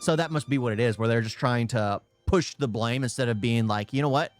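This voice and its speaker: A man's voice: medium pitch, brisk, faint music behind. A young adult man giving casual reaction commentary, rambling and repeating his own phrases. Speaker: reaction video host. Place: home in California.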